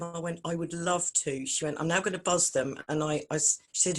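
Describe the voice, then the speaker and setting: Animated storytelling woman guest. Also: fairly low pitch, normal speed, hardly any pauses. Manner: animated storyteller acting out quotes. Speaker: guest, singer and vocal coach. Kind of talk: casual interview chat.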